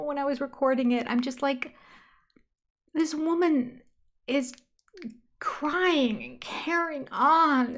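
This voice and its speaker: An older woman reviews reality TV on a casual livestream, sounding gossipy and exasperated and sometimes dropping into mocking whispers. Her voice sits high, bright and forceful.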